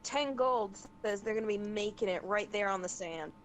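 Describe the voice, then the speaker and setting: A woman's voice: mid-range voice, moderate pace, a little hiss or hum, poor audio. A woman playing a tabletop role-playing game, chatting casually and teasing the other players. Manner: playful, teasing, breaks into song.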